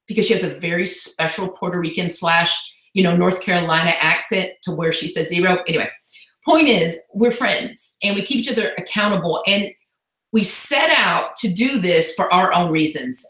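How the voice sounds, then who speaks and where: An enthusiastic woman coach talks in a lively, chatty, motivational way to a group on a video call. Her voice sits in a middling range and comes through an echoey room, a little way off the mic. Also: medium pitch, recorded from a distance. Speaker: fitness business team coach.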